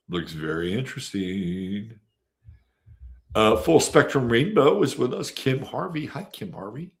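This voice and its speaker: Slow gravelly man greeting his live chat. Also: fairly low pitch, lively intonation. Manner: rambling and chatty, with many fillers and sudden jumps in loudness. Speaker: astrology show host. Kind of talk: casual live-stream chat, greeting viewers.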